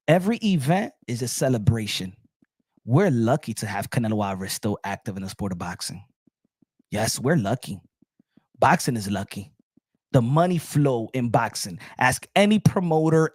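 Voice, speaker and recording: A man's voice: medium pitch, no echo, clean studio sound. A man hosting a boxing talk show, ranting emphatically and switching between English and Spanish. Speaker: boxing channel host. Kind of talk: animated rant.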